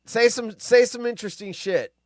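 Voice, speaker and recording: High-pitched host guy poking at his guest w questions, dry sound. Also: normal speed, no echo. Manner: prodding questions, chuckling interjections. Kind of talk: casual livestream chat.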